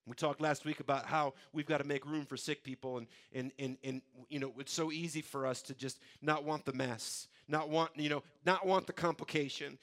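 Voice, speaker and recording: A man's voice: a little high, steady tone, moderate pace, hardly any pauses, fairly bright tone. A male pastor, preaching a conversational sermon full of restarts and repeated words.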